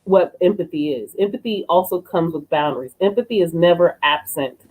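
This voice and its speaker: A middle-aged woman talking casually and bluntly as a podcast co-host, an animated storyteller who swears freely. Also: on the low side, brisk, breathy edge, poor audio. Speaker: co-host, youth worker.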